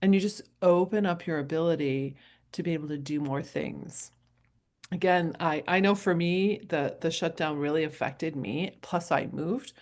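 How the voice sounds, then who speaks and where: A woman's voice: low-pitched, normal speed. Chatty, laughing middle-aged woman coach. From New Hampshire, USA. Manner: chatty, rambling, laughs easily. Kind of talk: casual motivational talk to camera.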